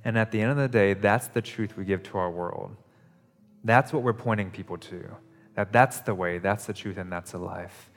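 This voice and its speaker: Pastor guy preaching, kinda low voice, earnest and chatty, lots of repeating, long echo from the church hall. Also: moderate pace. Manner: earnest, conversational preaching with repetitions. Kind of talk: sermon. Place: church service.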